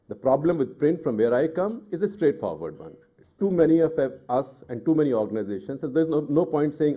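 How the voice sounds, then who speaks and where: A middle-aged man from India, a journalist speaking on a panel, telling a story and then arguing with rising indignation. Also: mid-range voice. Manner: forceful and indignant, rising in anger. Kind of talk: impassioned public talk.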